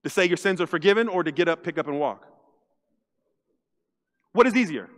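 A man with a high-pitched voice preaches an animated sermon, slipping into comic voices as he acts out little scenes. His words ring with a long church reverb. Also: fairly quick. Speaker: lead pastor. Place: church sanctuary.

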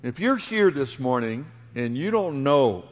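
A man's voice: mid-range voice, very animated, measured pace. A middle-aged man preaching a sermon as pastor, telling a story and then leading the congregation in prayer. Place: church sanctuary. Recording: long church hall reverb.

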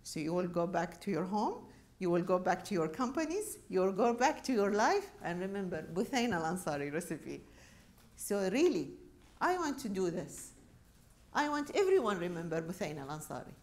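Animated middle-aged woman with a Qatari accent. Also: lowish voice, moderate pace. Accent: Qatari Arabic. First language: Arabic. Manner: animated, laughing, chatty. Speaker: guest speaker. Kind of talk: public lecture. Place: university lecture hall.

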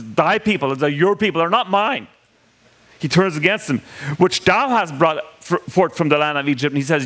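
A man with a somewhat high voice preaches a sermon to a congregation. He talks in a conversational way, asks his listeners questions, and acts out the lines he quotes. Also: a bit bright.

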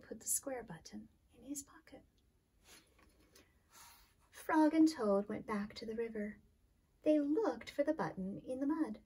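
A woman reading a children's storybook aloud in a slow, expressive way. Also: a little high, slightly rough.

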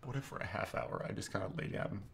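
A man's voice: fairly low pitch, quick pace, vocal fry, a bit bright. A man talking in an anxious, rambling, pleading way. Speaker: actor in a deleted scene.

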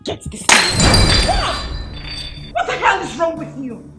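An actress with a Nigerian accent playing a heartbroken young woman who lashes out with sharp accusations, with film music behind. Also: extremely high pitch, huge pitch swings, slow, echoey room, exaggerated voice. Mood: furious. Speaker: heartbroken daughter. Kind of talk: Nollywood film acting.

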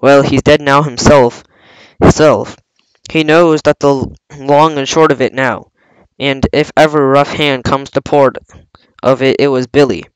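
A man's voice: mid-range voice, steady tone, unhurried, clear, resonant tone, no room sound, lightly acted, poor audio. A man reading aloud, voicing an impatient, surly pirate coxswain who growls his lines. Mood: gruff.

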